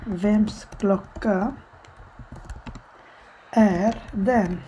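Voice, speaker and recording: A woman's voice: medium pitch, warm tone, slightly rough, poor audio. A woman teaching a language lesson step by step, patiently repeating each example and translating it, sometimes correcting herself.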